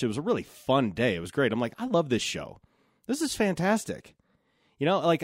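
Man, 40s, solo podcast host, candid, profane, reflective, mid-pitched voice, dry close sound. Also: no room sound.

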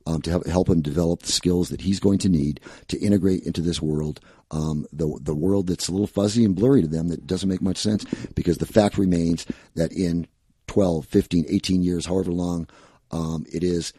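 A man's voice: fairly even intonation, moderate pace, dark tone, husky, dry recording. A man who used to work in radio, chatting casually as a guest on a podcast. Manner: former radio announcer, shifts into a booming promo delivery. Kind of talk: casual interview chat.

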